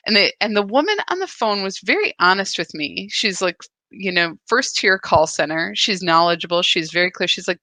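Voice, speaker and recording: A woman's voice: fairly low pitch, expressive, normal speed, few pauses, pushed and bright, dry recording. A woman hosting a live spiritual practice, talking in an earnest, confessional and searching way. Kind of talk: live reflective spiritual talk.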